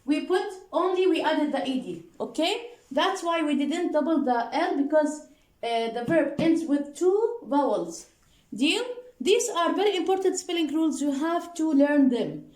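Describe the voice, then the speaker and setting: A woman's voice: sits high, lively intonation, darkish tone, roomy sound. A woman teaching English grammar, patiently repeating each rule and checking in with "okay?" and "deal?". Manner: spells out letters one by one and restates rules slowly. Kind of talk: explaining grammar rules to students.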